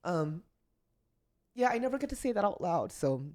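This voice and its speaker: A woman's voice: mid-range voice, sing-song, moderate pace, a little mellow. A woman comedian chatting on a podcast as a guest, rambling with lots of fillers and poking fun at herself. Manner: chatty, many "like" fillers, self-deprecating. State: tearful. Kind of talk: casual podcast chat.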